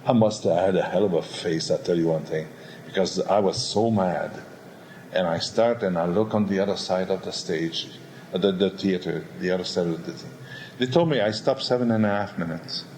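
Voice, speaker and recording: A man, an opera baritone, telling a candid backstage story in a rambling, animated way, acting out voices and sounds. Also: moderate pace, a little hiss or hum, low-quality recording. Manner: animated, acts out quotes and sounds; rambling with many restarts and "all of a sudden". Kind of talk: candid spoken anecdote.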